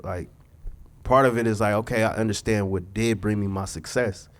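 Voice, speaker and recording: A man's voice: fairly low pitch, steady tone, normal speed. A young man from Los Angeles, a singer and songwriter, chatting as a guest in a laid-back, reflective way with loose slang. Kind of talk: casual podcast conversation.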